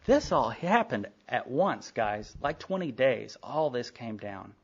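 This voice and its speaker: At a recovery meeting in a meeting hall, a man from Sherman, Texas tells his personal story quickly and animatedly, full of asides. His medium-pitched voice carries a gravelly fry, and the tape recording sounds dull and lo-fi.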